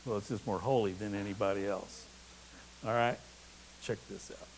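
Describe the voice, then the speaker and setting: A man's voice: lowish voice, steady tone, normal speed, slight background noise, rough recording. A man preaching a sermon in an earnest, emphatic way, with a touch of humor. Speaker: pastor.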